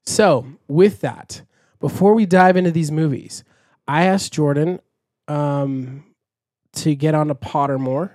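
A man's voice: fairly high pitch, steady tone, takes it slowly, a little mellow, dry recording, studio quality. A young man hosting a podcast, chatting in a rambling, giggly way. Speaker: podcast host. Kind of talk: casual chat.

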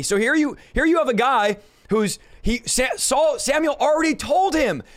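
A man's voice: very high-pitched, expressive, moderate pace, few pauses. A man hosting a podcast, giving a fervent preaching-style Bible teaching and exhorting the listener directly. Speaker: podcast host.

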